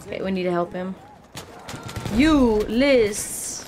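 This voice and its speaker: A woman streamer giving excitable, chatty commentary while playing a shooter game, often exclaiming and laughing at herself. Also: mid-range voice, slow, noisy background. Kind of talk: casual gameplay commentary. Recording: game gunfire loud behind the voice.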